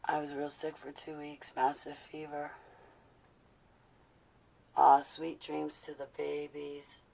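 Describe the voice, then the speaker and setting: A woman chatting casually with her viewers on a livestream from home, rambling into animated stories. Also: low voice, slow pace, creaky, recorded from a distance.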